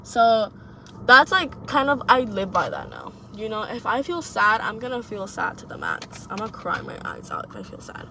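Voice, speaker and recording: A woman's voice: mid-range voice, wildly swooping pitch, moderate pace, noisy background. A young woman vlogging advice to camera from a parked car, blunt, rambling and profane. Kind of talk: casual monologue to camera.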